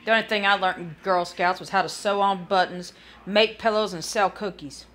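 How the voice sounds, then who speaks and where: A woman's voice: medium pitch, steady tone, moderate pace, a bit bright, slight background noise. A woman chatting casually on a live stream, tired and yawning, rambling and talking to chat viewers by name.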